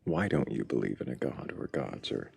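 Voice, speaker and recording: A man's voice: animated, normal speed, noisy background. A man hosting a live talk stream in a dry, teasing way. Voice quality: deep gravelly voice. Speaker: host.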